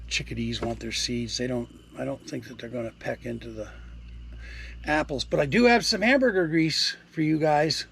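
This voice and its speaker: A man's voice: medium pitch, moderate pace, fairly bright tone. A man in his sixties in a casual outdoor vlog, rambling to viewers and talking to the animals around his campsite. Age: 60s. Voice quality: gravelly, husky. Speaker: vlogger.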